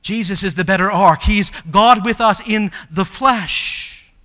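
A man preaching a sermon as pastor, moving from soft, low passages to loud, emphatic ones. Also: measured pace. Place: church sanctuary. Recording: long hall reverb.

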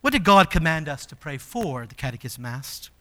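A man preaching a sermon in a high, bright, forceful voice. He leans hard into his points, dropping almost to a hush and then rising to loud emphasis. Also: sing-song, moderate pace. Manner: emphatic, swings from quiet to loud. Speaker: pastor.

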